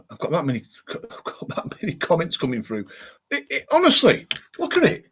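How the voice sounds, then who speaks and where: A man's voice: fairly high pitch, moderate pace, breathy edge. Ranting man on a live stream. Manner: ranting, animated, reads viewer comments aloud. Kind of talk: casual live-stream chat.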